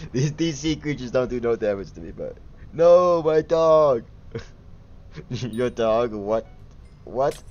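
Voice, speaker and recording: A man's voice: mid-range voice, slow pace, long pauses, lo-fi sound, a little hiss or hum. A young man giving casual, giggly commentary while livestreaming a game and chatting with viewers. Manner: giggly, easily excited, chatty with chat. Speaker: gaming livestreamer.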